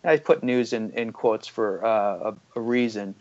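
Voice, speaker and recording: A man's voice: fairly low pitch, normal speed, a little mellow, muffled recording. A man giving critical economic commentary as an interview guest, arguing his points with frequent fillers. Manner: critical, argumentative, many fillers.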